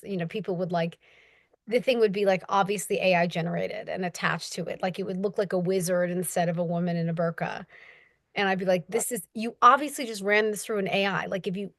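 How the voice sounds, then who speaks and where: A woman's voice: fairly quick, no echo, studio quality. A young woman, an audiobook narrator, chatting casually as an interview guest and acting out quoted voices. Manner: animated, acts out quoted voices with big pitch jumps.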